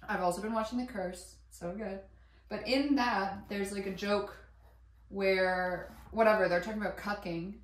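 A woman chatting while she cooks at home, rambling and excitable, swearing casually and laughing as she goes. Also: medium pitch, moderate pace. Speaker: vlogger. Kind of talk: casual cooking vlog chat. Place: home kitchen. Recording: echoey room, voice a bit far from mic.

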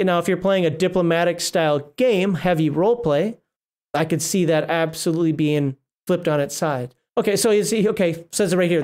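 A man's voice: on the high side, a little mellow. A middle-aged man hosting a casual livestream, reading rules aloud and rambling, often breaking off mid-word. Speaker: livestream host reviewing a tabletop RPG book.

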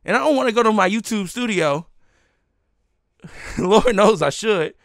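A man's voice: sits high, lively intonation, unhurried, vocal fry, fairly bright tone, no room sound, studio quality. A man ranting live as a streamer, heated and swearing, with laughs breaking in between lines.

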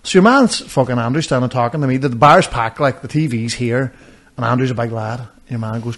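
A man's voice: mid-range voice, a little fast, fairly bright tone. A man, a podcast co-host telling a holiday story in casual chat, laughing often and swearing freely.

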